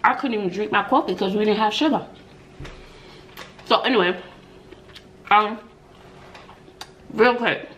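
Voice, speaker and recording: A middle-aged woman hosting an eating show, chatting and telling stories between bites, with drawn-out "mm-mm" asides. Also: mid-range voice, a bit bright, lo-fi sound, a little hiss or hum. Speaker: mukbang host. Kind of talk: chatty storytelling while eating.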